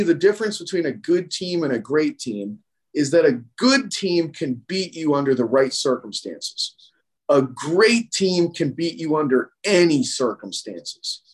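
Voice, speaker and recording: A man talking as a strength coach guest on a podcast, explaining his views in a casual, blunt way and repeating phrases for emphasis. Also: on the high side.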